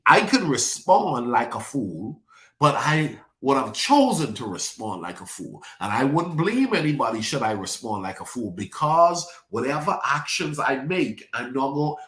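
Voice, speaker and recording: A man's voice: medium pitch, a bit bright, reverberant. A male pastor, preaching a sermon and calling out to congregation members by name. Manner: preachy call-and-response, addresses congregation by name. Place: church sanctuary.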